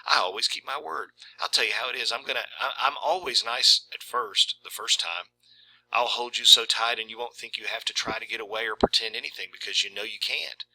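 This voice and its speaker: A man voicing a menacing young male stranger, who talks in a falsely gentle, coaxing, hushed way. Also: medium pitch, steady tone, a little fast, no room sound, low-quality recording. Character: menacing smooth-talking young man stalker.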